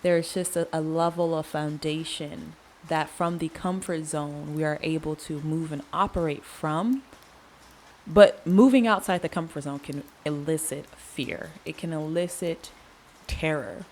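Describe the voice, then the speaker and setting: A woman's voice: low voice, a little mellow, slight background noise. Earnest woman musing on a podcast. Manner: earnest and conversational, with drawn-out pauses and casual slang. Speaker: podcast host. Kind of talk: reflective solo podcast monologue.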